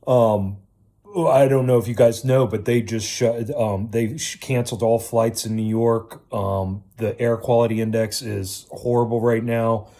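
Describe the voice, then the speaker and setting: A man talking to his viewers in a rambling casual monologue, halting often with ums and restarts, and swearing casually. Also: medium pitch, fairly even intonation, creaky, warm tone. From Virginia, United States. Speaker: video creator.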